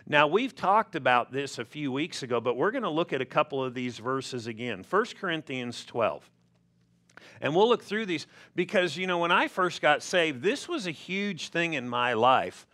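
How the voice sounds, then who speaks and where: A man preaching a sermon as pastor, slow and emphatic, with stressed words rising. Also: a little high, pushed and bright. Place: church sanctuary.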